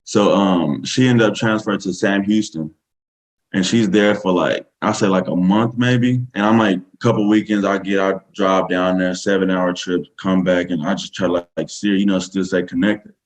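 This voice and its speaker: A man's voice: low voice, fairly even intonation, moderate pace, poor audio. A man with a Southern US accent, a podcast guest telling a story casually, rambling with many fillers. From Texas, USA.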